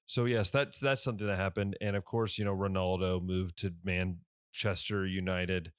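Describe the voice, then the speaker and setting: Recorded in a clean studio with no echo, a deep-voiced young man from Ohio talks at a normal speed in a steady, clean tone. He's tired and keeps yawning while hosting his casual sports podcast alone, rambling, restarting and correcting himself with many fillers.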